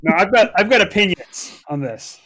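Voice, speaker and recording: A man's voice: sits high, expressive, normal speed, a bit bright, no echo, clean studio sound. A man co-hosting a sports podcast in casual chat, opinionated but hedging, with frequent restarts. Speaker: podcast co-host.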